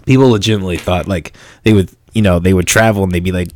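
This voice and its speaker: A man's voice: low voice, fairly even intonation, fast, a little mellow. A young man hosting a podcast in casual chat, laid-back, laughing often and swearing casually. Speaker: podcast host.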